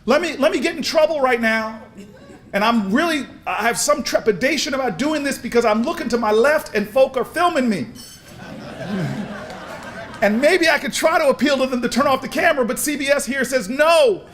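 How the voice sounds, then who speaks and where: High-pitched man preaching with fire. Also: animated, normal speed, a faint crowd, a little hiss or hum. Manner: storytelling, repeats words, builds to shouts. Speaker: speaker at a convention. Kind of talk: impassioned preacher-style speech. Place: large convention hall.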